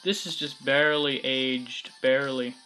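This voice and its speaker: A man's voice: mid-range voice, fairly even intonation, a little slow, sharp tone, faint music behind. A man hosting a casual tutorial on building, talking in a hesitant way with lots of fillers and self-mocking asides. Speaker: Minecraft building tutorial host. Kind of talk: casual screen-recorded tutorial commentary.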